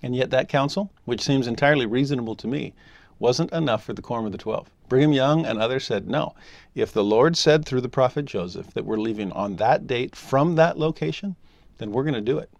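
Male scripture teacher, mid-pitched storyteller, dry close recording. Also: no room sound. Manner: animated storytelling, briefly voicing quoted characters.

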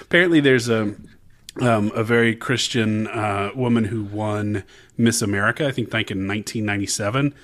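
A man's voice: fairly low pitch, fairly even intonation, normal speed. A man hosting a comedy podcast, chatting loosely and jokingly from a script. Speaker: podcast host. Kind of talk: casual comedic chat.

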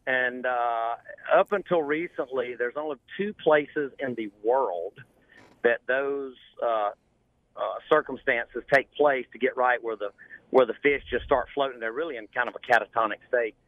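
A man's voice: medium pitch, normal speed, no room sound. Southern man on a tinny phone line. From South Georgia. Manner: easygoing, self-mocking. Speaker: caller, construction company owner. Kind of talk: casual chat by phone. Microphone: phone while driving.

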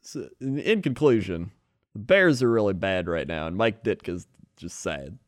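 A man's voice: fairly low pitch, expressive, moderate pace, no echo, clean studio sound. A man co-hosting a casual chat, laughing often and slipping into mock voices. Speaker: podcast co-host.

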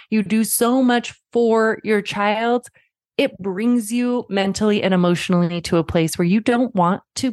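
A woman in her thirties hosting a parenting podcast, talking straight to the listener in a warm, reassuring way, like a friend. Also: mid-range voice, no room sound, studio quality. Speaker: podcast host. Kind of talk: podcast monologue.

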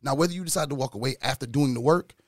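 A man talking earnestly from his own experience in a casual discussion, getting louder and higher when he retells an argument. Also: rapid-fire, no room sound, clean studio sound. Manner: earnest, speaks from personal experience.

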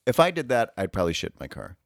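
A male comedy podcast co-host in loose banter, teasing and mock-indignant. His voice sits at a middle pitch, recorded close and dry. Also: wildly swooping pitch, rapid-fire, vocal fry, no echo. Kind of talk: casual comedic chat.

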